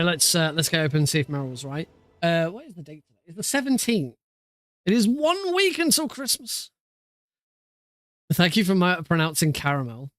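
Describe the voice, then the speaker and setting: A man chats on a live stream, rambling loosely from one thought to the next with lots of fillers and restarts. His voice sits a little high for a man, and faint music plays behind him. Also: dry recording, clean studio sound. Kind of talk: casual live-stream chat.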